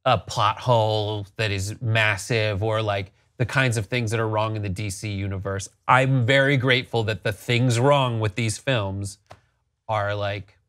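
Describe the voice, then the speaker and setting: A man's voice: lowish voice, fairly bright tone. A man co-hosting a casual pop-culture discussion, easygoing with a wry, dry humor. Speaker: co-host.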